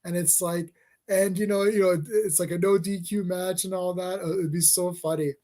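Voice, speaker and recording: High-voiced man, rambling excitable co-host in a casual chat. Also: normal speed. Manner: rambling, excitable, acts out scenes.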